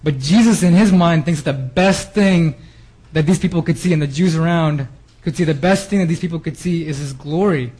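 A preacher reads Bible verses aloud and then explains them in a casual, earnest way, with plenty of fillers. His voice is fairly high, a little mellow and husky, at normal speed, on a low-quality recording.

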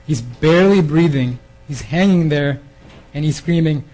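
A man's voice: on the high side, unhurried, a little mellow, rough recording. A man preaching a sermon in an earnest way, often repeating words and restarting his phrases. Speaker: preacher giving a theme talk.

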